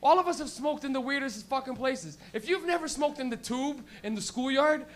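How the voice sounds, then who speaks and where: A man's voice: very high-pitched, expressive, fairly quick. A young man from Canada doing a profane stand-up comedy set at a club, acting out friends and cops in voices.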